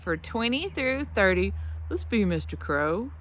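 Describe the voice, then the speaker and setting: A woman's voice: mid-range voice, sing-song, fairly bright tone. A woman teaching young children in a playful, encouraging way, leading counting games. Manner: playful and encouraging, slow and sing-song.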